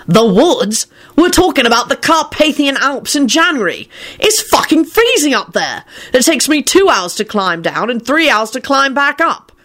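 A woman reading aloud and voicing a moody adult man who complains sarcastically and recites poetry softly. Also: a bass voice, normal speed, vocal fry, full character voice. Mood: grumbling. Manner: sarcastic grumbling, then soft tender recitation. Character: wry, moody adult male werewolf.

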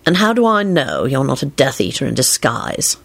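A reader voicing a tired, wary grown male wizard who mumbles low and quietly. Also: moderate pace, creaky, slightly rough, exaggerated voice. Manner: low, hushed, flat mumbling.

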